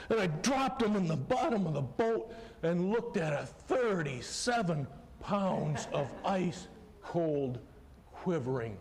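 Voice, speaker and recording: A middle-aged man telling a personal fishing story on a festival stage, folksy and animated, swinging from hushed to loud excitement. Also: a little high. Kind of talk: live storytelling performance. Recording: live hall recording with long reverb, faint ambience.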